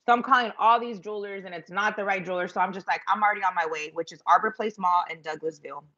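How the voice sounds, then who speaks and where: A woman's voice: mid-range voice, fairly even intonation, fast talker, pushed and bright, muffled recording. A middle-aged woman rambling through a story on a live stream, chatty and self-mocking, with lots of fillers. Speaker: vlogger telling a story.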